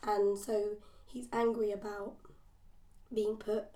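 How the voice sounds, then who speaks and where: A woman's voice: mid-range voice, little pitch movement, takes it slowly, mellow. A woman co-hosting a casual book podcast, talking hesitantly with many restarts and agreeing asides. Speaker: podcast co-host. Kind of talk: casual book-club chat. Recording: echoey room, distant from mic.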